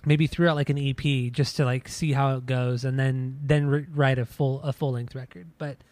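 A man's voice: mid-range voice, level tone, moderate pace, a little mellow, no echo. A man co-hosting a podcast, talking casually about music in a rambling way with many restarts. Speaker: podcast co-host. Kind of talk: casual chat.

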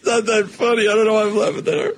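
A man's voice: sits high, completely flat delivery, very fast, shouting, background noise. A man co-hosting a casual studio podcast, laughing helplessly and joking. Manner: laughs helplessly, mock baseball play-by-play. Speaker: podcast co-host. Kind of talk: casual comedy podcast chat.

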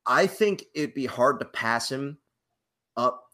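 A man's voice: mid-range voice, lively intonation, takes it slowly, sharp tone. A young man co-hosting a casual live sports podcast, chatty and opinionated, laughing often. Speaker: podcast co-host. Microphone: webcam and computer mic.

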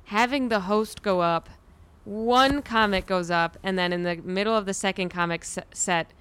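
A woman's voice: medium pitch, moderate pace, a bit bright, smooth. A young woman, a comedian, chatting casually and rambling, laughing and swearing as she tells stories. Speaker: comedian and podcast host. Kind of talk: casual chat.

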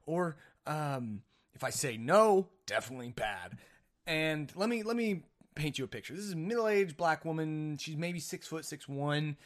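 A man's voice: fairly high pitch, animated, measured pace, a bit bright. A man hosting a casual solo podcast, telling a rambling story full of jokes and self-mocking asides. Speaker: podcast host.

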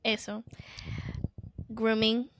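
A woman co-hosting a podcast, talking in a blunt, joking, animated way. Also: on the high side, very slow, slight background noise. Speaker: podcast co-host. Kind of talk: casual chat.

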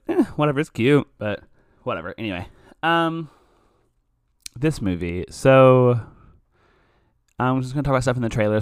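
A man's voice: lowish voice, darkish tone, smooth, no echo, studio quality. A man giving a casual, rambling film review for a podcast. He curses often and keeps cutting himself off mid-sentence. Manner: rambling, profane, self-interrupting.

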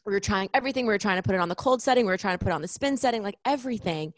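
A woman's voice: mid-range voice, racing, no room sound. Woman telling a story, dry sound. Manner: lively storyteller, mimics others in her story. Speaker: podcast co-host. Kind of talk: casual chat.

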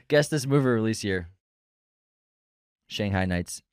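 A man's voice: lowish voice, a bit bright, no echo, clean studio sound. A man co-hosting a movie podcast, chatting casually and quizzing his co-host. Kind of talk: casual chat, quiz questions.

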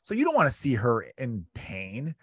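A man's voice: mid-range voice, huge pitch swings, normal speed, fairly bright tone, slightly rough. A male comedian guest in casual podcast chat, rambling and jokey, acting out quotes.

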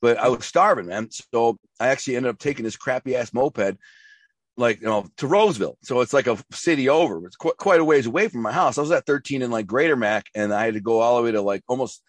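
A man from the Detroit area rattles off his past at a brisk clip, piling on emphasis and slang and doubling back mid-sentence. His voice sits at an ordinary pitch for a man. The recording is dry and close, with no room sound. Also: expressive, no echo. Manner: rambling, emphatic storyteller with frequent restarts and street slang. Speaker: interview guest. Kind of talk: casual storytelling interview.

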